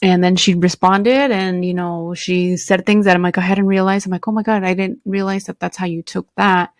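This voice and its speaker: A woman co-hosting a podcast, chatting emotionally with quick asides. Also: fairly low pitch, level tone, no echo, studio quality. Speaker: podcast co-host. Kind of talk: casual chat.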